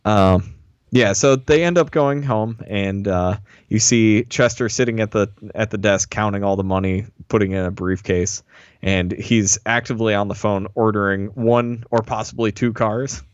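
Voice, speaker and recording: A man recapping an episode in casual chat, relaxed and laughing often, mildly critical. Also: lowish voice, moderate pace, clean tone, no room sound, dull audio. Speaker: podcast co-host recapping an episode.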